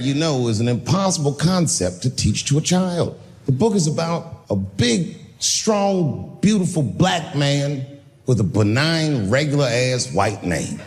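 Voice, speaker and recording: Animated stand-up comic man in a hall. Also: fairly high pitch. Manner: animated storytelling, voices and shouts. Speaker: stand-up comedian. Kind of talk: stand-up comedy set.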